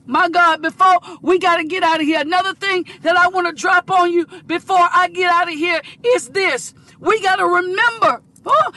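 Woman host, passionate preaching style, very high, bright tone, half-sung cadence, recorded in a vehicle. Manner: fervent, shouting and half-singing phrases. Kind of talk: impassioned motivational preaching.

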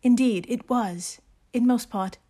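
Woman doing a prim British lady diarist, mock-formal, measured recital, a touch high. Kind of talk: put-on period-novel reading.

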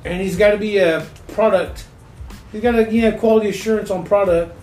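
A man's voice: sits high, steady tone, fairly quick, a little mellow. A man chatting casually as a podcast co-host, joking and swearing freely. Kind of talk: casual chat. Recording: echoey room with faint music.

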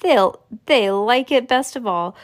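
A woman voicing an eccentric, impatient male chocolatier in a storybook read-aloud, with a sharp, bossy, theatrical manner. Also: very high-pitched, a little slow. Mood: triumphant.

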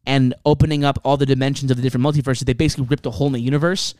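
A relaxed man with a smooth, clear voice, recorded close and dry. He walks through the story loosely, pausing on ums and likes as he gathers his thoughts. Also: mid-range voice, no room sound. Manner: easygoing, hesitant recaps with many ums and likes. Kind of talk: casual comic-book discussion.

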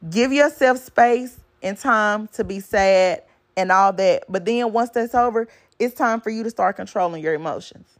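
A woman's voice: medium pitch, normal speed. A woman with talks straight to her listeners, blunt and preachy, with swearing woven through her advice. She hammers each point home with a repeated "okay?" in a casual podcast monologue. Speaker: podcast host. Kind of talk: casual motivational talk.

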